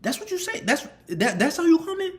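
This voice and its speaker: Man voicing a big teen bully, brash, taunting, high and excited, stammering. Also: a little fast. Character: big teen boy teammate, boastful and threatening.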